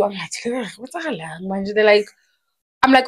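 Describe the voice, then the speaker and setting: A young woman with a South African accent, chatting excitedly in a casual vlog and switching languages mid-sentence. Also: medium pitch, moderate pace, pauses often. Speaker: vlogger.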